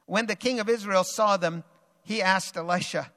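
A man preaching a sermon, reading a Bible story aloud with dramatic swings in loudness and pace. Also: high-pitched, moderate pace, big-room sound.

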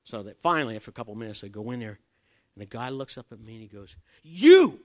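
A man's voice: lowish voice, fairly even intonation, rapid-fire, a bit bright. An older man preaching, telling a personal story with acted-out dialogue and chuckles. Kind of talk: sermon with personal testimony story.

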